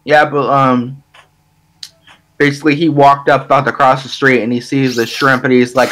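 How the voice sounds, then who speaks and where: A man's voice: mid-range voice, steady tone, moderate pace, fairly bright tone. A young man co-hosting a casual podcast, rambling and emphatic with lots of restarts. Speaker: podcast co-host. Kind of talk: casual chat.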